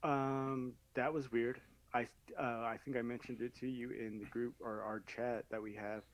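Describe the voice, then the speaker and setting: A man's voice: mid-range voice, little pitch movement, moderate pace, poor audio. A man co-hosting a podcast, joking crudely and laughing often in casual chat. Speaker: podcast co-host.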